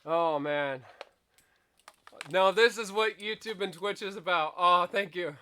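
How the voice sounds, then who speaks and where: A man's voice: high voice, a little slow, pushed and bright, clear, resonant tone. A young adult man livestreaming, goofing around in a silly, playful way, sounding winded and tired with a worn-out voice. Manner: silly, playful, breaks into yelps and put-on bits. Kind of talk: goofy livestream chat with skits.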